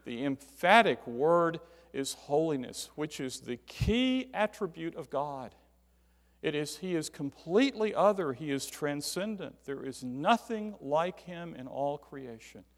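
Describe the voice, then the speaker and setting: A male preacher delivering a sermon in a fairly high, gravelly voice, swinging from loud stresses to near-quiet drops. His words ring out into a long hall reverb. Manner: emphatic, rises and drops sharply for stress.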